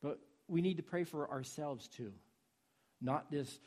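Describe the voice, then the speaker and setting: A man preaching a sermon in a husky voice, swinging from soft pleading to loud urging. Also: on the high side, measured pace.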